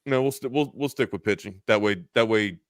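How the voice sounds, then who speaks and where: A man's voice: on the low side, fairly quick, clear, resonant tone, no room sound, clean studio sound. A man co-hosting a sports talk stream in casual chat, thinking aloud with lots of restarts.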